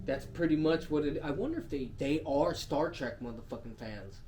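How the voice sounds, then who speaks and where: A man co-hosting a podcast in crude casual chat, cursing and laughing often, swinging between loud and soft. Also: on the high side, moderate pace, a little hiss or hum. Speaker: podcast co-host.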